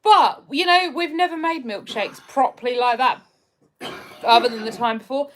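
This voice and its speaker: A woman's voice: on the high side, normal speed. Chatty English woman hosting a livestream. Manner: chatty, laughs often, calls viewers "my darling". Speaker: livestream host. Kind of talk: casual livestream chat reading comments.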